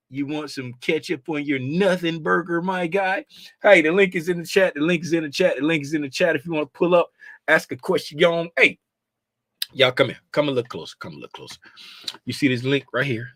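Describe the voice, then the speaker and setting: A middle-aged man hosting a casual livestream, greeting viewers by name, sometimes dropping to a hushed, confiding tone. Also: sits high, dry recording. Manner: drops to a hushed, confiding tone at times. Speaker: livestream host.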